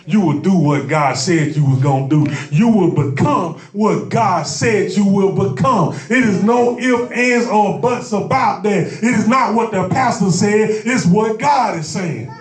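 A pastor with a high, bright-edged voice drives his sermon hard, trading call-and-response with the congregation and jumping to shouts. He's picked up from some distance in an echoing church sanctuary. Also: unhurried, few pauses, soft background music. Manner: impassioned preaching with call-and-response and humor; bursts into shouting. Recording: echoey room, mic at a distance.

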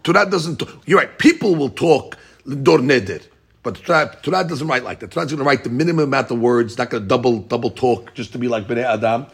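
A man's voice: mid-range voice, quick pace, creaky, breathy edge. A man teaching a Talmud class, explaining a passage to students emphatically and repeating his points as he goes.

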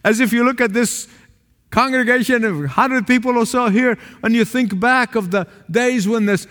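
A man's voice: moderate pace, a bit bright. Emphatic preaching man in a reverberant hall. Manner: emphatic preaching with sudden drops to a low aside. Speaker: pastor. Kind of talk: sermon. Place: church sanctuary with a small congregation. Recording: long reverb of a large hall.

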